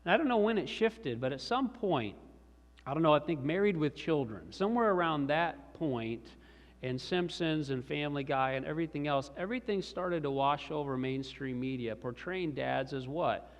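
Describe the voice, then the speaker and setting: A man's voice: a little high, animated, moderate pace. Man preaching in an echoing church. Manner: conversational storytelling with chuckles. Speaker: pastor. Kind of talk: sermon. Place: large church sanctuary. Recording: reverberant church hall.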